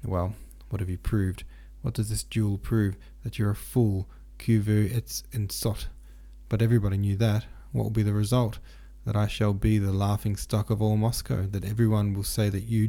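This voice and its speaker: A man's voice: fairly low pitch, little pitch movement, moderate pace, few pauses, lightly acted. Man reading as scornful haughty noblewoman. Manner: scornful, sharp-tongued.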